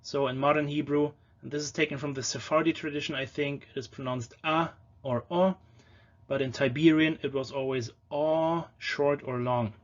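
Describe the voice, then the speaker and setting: A man giving a patient lecture on ancient pronunciation, often slowing down to sound out single words. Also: fairly high pitch, fairly even intonation, lo-fi sound. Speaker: language lecturer.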